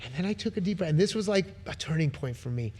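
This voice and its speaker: Man, middle-aged, podcast guest, animated storyteller, slightly high pitch. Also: fast. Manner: animated, acts out voices in his stories. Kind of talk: casual storytelling.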